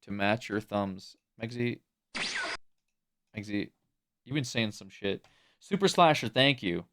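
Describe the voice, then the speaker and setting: A man's voice: on the low side, animated, takes it slowly, background noise. A young adult man chatting casually on a livestream, rambling with lots of fillers. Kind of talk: casual stream chat.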